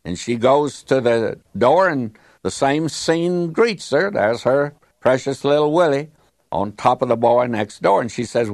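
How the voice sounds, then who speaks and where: A man's voice: mid-range voice, animated, measured pace, no room sound, studio quality. A man teaching the Bible on radio in a folksy, storytelling way, often wandering off on side remarks.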